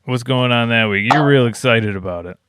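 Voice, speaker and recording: A man's voice: medium pitch, fairly quick, noisy background. A young adult man co-hosting a podcast in casual chat, rambling and joking and swearing freely. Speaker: podcast co-host.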